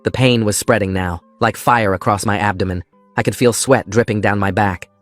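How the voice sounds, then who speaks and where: A man narrating a first-person story in a calm, steady scripted style. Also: lowish voice, moderate pace, no room sound, faint music behind.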